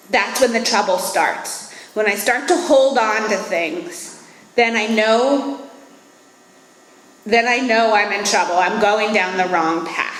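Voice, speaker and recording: A woman's voice: medium pitch, a bit bright. A woman in her thirties giving an earnest, reflective talk at a recovery meeting. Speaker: AA speaker. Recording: echoey hall.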